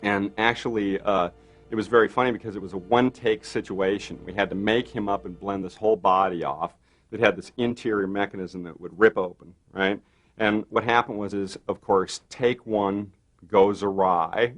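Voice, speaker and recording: A man, a makeup effects artist, tells a behind-the-scenes story in an animated way, full of "you know" and "right?". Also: fairly low pitch. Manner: animated storyteller, acts out others' lines, many fillers. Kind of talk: interview anecdote.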